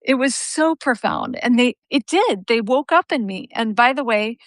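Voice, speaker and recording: Animated storytelling woman, dry sound. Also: on the high side, normal speed, no room sound. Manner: animated storytelling, laughs easily. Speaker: guest yoga teacher. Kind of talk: casual chat on a live video call. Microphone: video call.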